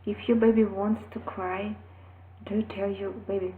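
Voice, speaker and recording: A woman, a mother, earnestly telling her own story and giving parenting advice, acting out quotes with sudden loud and whispered shifts. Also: mid-range voice, flat delivery, moderate pace, heavy background noise. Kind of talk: personal advice vlog. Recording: echoey, phone-like audio.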